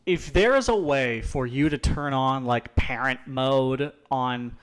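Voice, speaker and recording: A man hosting a casual podcast, asking questions in a halting way with many restarts. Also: medium pitch, smooth.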